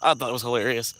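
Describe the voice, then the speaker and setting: A man's voice: mid-range voice, sharp tone, slight background noise, low-quality recording. A man chatting casually on a livestream, rambling, swearing and laughing often, outdoors at night.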